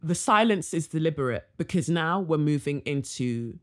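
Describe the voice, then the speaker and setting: A woman's voice: deep voice, expressive, normal speed. Chatty woman hosting a solo podcast. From Nigeria. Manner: chatty and warm, with slang and fillers. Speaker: podcast host. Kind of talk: casual solo podcast chat.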